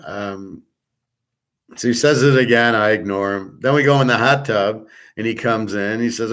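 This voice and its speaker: A man's voice: fairly low pitch, steady tone, a little slow, fairly bright tone, clear, resonant tone. A man hosting his own daily online class, telling a story in a blunt, profane and exasperated ranting monologue.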